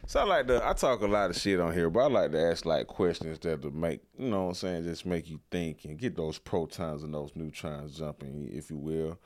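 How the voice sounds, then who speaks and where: A man's voice: low voice, brisk, hardly any pauses, a little mellow. A young man hosting a podcast in casual chat, slangy and joking, often repeating his words. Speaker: podcast host.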